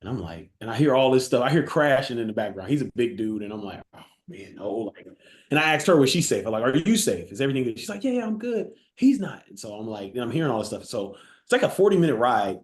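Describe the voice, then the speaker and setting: Male podcast guest, lively storyteller, very expressive pitch, roomy echo. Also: fast talker. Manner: animated, acts out quotes, laughs often. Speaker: guest, college football player developer.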